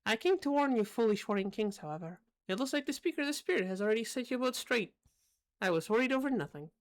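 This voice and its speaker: A woman's voice: on the high side, lively intonation, quick pace, voice pushed up. A woman doing a lofty, imperious queen.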